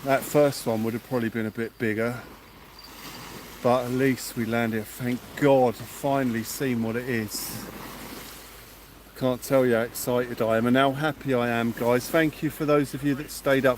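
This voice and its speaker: A man's voice: mid-range voice, steady tone, normal speed, a little hiss or hum. A man hosting a night fishing livestream outdoors by the sea, effusive and thanking viewers by name. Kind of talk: excited livestream chat.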